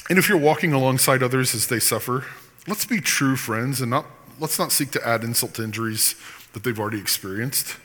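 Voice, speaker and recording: A man's voice: medium pitch, fairly quick, pushed and bright, long reverb tail. A man preaching a sermon as pastor, earnest and sometimes impassioned. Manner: earnest, rises to impassioned pleading at times.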